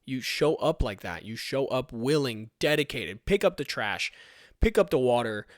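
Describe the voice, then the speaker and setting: A man's voice: medium pitch, expressive, normal speed, dry recording, clean studio sound. Earnest young man with a pep talk. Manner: earnest, emphatic, repeating rallying commands. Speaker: fire recruit podcast host. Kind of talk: motivational podcast monologue.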